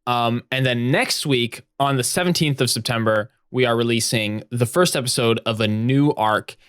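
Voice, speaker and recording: A man's voice: mid-range voice, moderate pace, fairly bright tone, clean tone, no echo. A man narrates an improvised story with a chatty, giggly manner, filling gaps with "uh" and "like". His mid-range voice sits dry and close to the mic, with no room sound around it. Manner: chatty, giggly, filler-heavy. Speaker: podcast host and storyteller.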